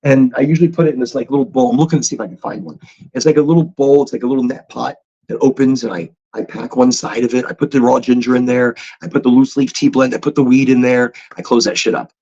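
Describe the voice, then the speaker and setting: A man hosting a casual livestream chat, talking in an animated, rambling way with chatty asides. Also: medium pitch, fast. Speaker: livestream host. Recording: dull lo-fi stream audio.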